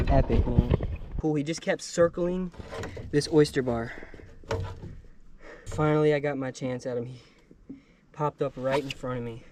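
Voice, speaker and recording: A young man talking casually and excitedly to an action camera, outdoors on the water. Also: mid-range voice, a little slow, long pauses, background noise. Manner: excitable, hyped, slangy. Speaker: fishing vlogger. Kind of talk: casual vlog commentary.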